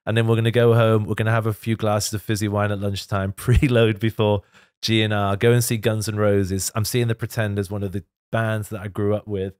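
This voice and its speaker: A middle-aged Englishman talks in a fairly low voice, candid and open, breaking into laughs. He sits in a podcast studio at a close mic. The sound is dry, with no room behind him. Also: flat delivery, a little fast, darkish tone, no echo. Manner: candid, laughs often, tearful at times. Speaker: podcast guest. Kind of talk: emotional casual chat. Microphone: studio microphone.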